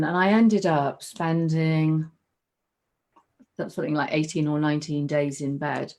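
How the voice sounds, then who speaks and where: Middle-aged woman, lowish voice, chatty guest, animated storyteller who restarts sentences. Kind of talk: casual conversation.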